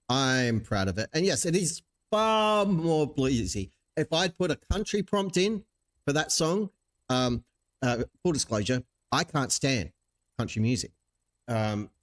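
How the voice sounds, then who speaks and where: A man hosts a casual stream, his pitch bouncing widely as he talks. He drifts into wry, sarcastic asides and chatty tangents, sounding loose and unscripted. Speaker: channel host reacting to a video. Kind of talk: casual live-stream commentary.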